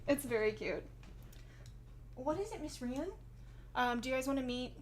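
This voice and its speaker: Young woman streaming, high voice, keeps laughing mid-sentence, super chatty. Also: animated, normal speed, a little hiss or hum. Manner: giggly, chatty, often breaks into laughter. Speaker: livestreamer. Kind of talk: casual livestream chat with viewers.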